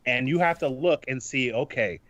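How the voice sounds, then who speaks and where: A man co-hosting a casual sports podcast, animated and full of "bro," acting out other people as he makes his point. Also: medium pitch, moderate pace, no room sound. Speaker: podcast co-host.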